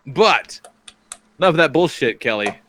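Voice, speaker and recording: A man's voice: on the high side, lively intonation, moderate pace, a bit bright, slight background noise. A middle-aged man hosting a podcast, telling profane stories and laughing often in casual chat. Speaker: podcast host.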